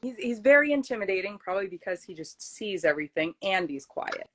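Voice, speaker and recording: A woman's voice: medium pitch, animated, a little fast, low-quality recording. A woman hosting a casual book chat, gushing with enthusiasm and often restarting her sentences. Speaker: host.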